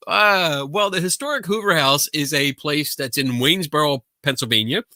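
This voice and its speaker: A man hosting a podcast, telling a story in a casual, animated, rambling way from a home setup. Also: a little high, normal speed, no echo, clean studio sound. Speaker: podcast host. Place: home setup for a virtual show.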